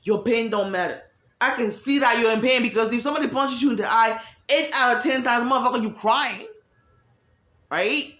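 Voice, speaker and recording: A woman's voice: on the high side, moderate pace, a bit bright. A woman giving a candid, profane monologue about emotions, acting out quoted voices as she talks. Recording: echoey room.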